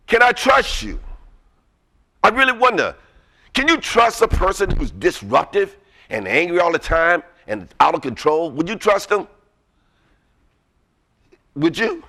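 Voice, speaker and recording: A man's voice: high voice, pushed and bright. A man giving an interactive motivational lecture, energetically quizzing the audience with fill-in questions. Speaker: workshop presenter.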